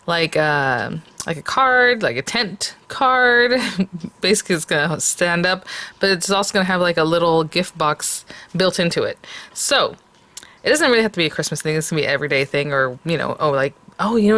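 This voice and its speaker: A woman's voice: low-pitched, a bit bright. A woman hosting a casual papercraft tutorial, chatty and rambling, often laughing between thoughts. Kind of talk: casual craft tutorial chat.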